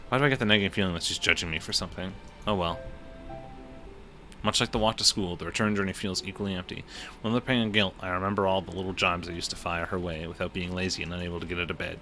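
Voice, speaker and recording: A man's voice: low-pitched, fairly even intonation, quick pace, sharp tone. A male streamer reading a visual novel aloud in plain narration, adding his own reactions now and then. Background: music.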